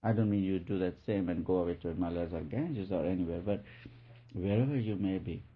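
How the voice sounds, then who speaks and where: Husky-voiced man on a thin, lo-fi recording. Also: sits low. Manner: gentle, halting storytelling with many restarts. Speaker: spiritual teacher. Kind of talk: spiritual talk.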